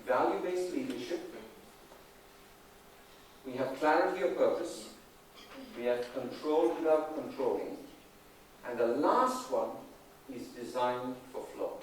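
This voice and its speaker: A man giving an energetic, emphatic conference talk as a leadership trainer, often checking in with the audience. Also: fairly high pitch, a little hiss or hum. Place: large conference hall. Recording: distant, echoey hall recording.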